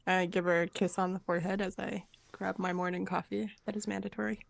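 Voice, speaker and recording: A woman with a gravelly voice plays her character in a tabletop game in an upbeat, playful way. The recording is dry. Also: medium pitch, little pitch movement, fast, no echo. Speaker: player. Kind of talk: in-character tabletop role-play.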